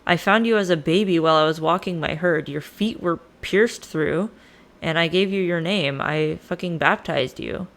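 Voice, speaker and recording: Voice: medium pitch, normal speed, fairly bright tone, natural voice. A storyteller voicing a blunt male messenger who talks in exasperated modern slang. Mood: impatient.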